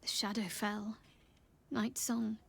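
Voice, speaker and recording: A woman voicing a guarded young female cleric in a video game, speaking in a measured, restrained, somber way. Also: mid-range voice, flat delivery, creaky, very noisy.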